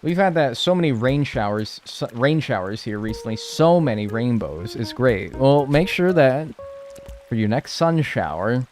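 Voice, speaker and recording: A man's voice: mid-range voice, sing-song, moderate pace, darkish tone, faint music behind. A young man streaming a video game, chatting casually and rambling, swearing freely as he talks. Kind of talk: casual stream chat while playing.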